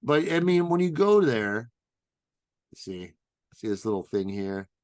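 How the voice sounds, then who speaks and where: A man co-hosting a podcast, spinning animated road stories. He has a mid-pitched voice, swears freely and jumps into a loud, high register when he acts out quotes. The sound is dry and close, with no room around it. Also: a little slow, no echo. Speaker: podcast co-host; stand-up comedian. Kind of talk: casual storytelling chat.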